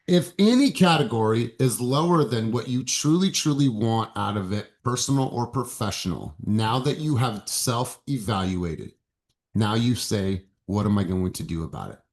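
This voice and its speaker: A man's voice: fairly low pitch, moderate pace. A man leading a group coaching session, upbeat and encouraging, calling on participants by name. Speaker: sales coach.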